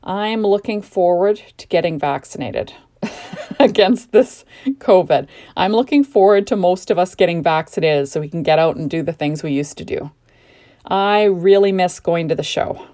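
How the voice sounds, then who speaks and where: A low, dark-toned woman's voice belongs to a middle-aged Canadian card-maker walking through a crafting tutorial at home. Sleepy and prone to yawns, she chats and gushes with plenty of rambling side remarks.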